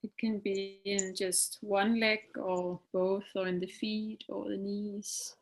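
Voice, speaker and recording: A woman's voice: medium pitch, flat delivery, slow. A woman in a session describing what she feels, hesitant and reflective, often trailing off. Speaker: client in a session. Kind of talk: casual conversation.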